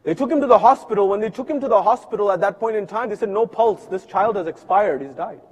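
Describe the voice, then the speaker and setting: A male preacher telling a story in a sermon, voicing its people and swinging from loud to hushed. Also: high voice, fast talker, husky. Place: mosque hall. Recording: long hall reverb from a live stream.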